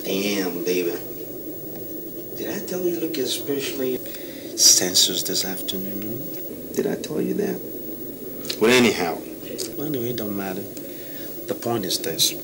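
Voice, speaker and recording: A man's voice: lowish voice, sing-song, measured pace, long pauses, background noise. An actor playing an arrogant young womanizer with a slangy, swaggering Nigerian accent who lashes out at his girlfriend. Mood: smug. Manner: cocky slangy swagger, swings into shouting.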